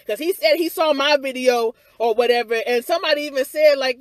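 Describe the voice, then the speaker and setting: A woman with a high voice speaks right into her phone outdoors, rambling in a frustrated, candid rant full of fillers and the odd curse. The sound is dry and close, with no room around it. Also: fairly quick, few pauses, no room sound. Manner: rambling and frustrated, full of "you know" and "or whatever", with occasional swearing. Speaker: vlogger giving her side of a viral incident. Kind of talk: candid livestream-style rant. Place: outdoors outside her house.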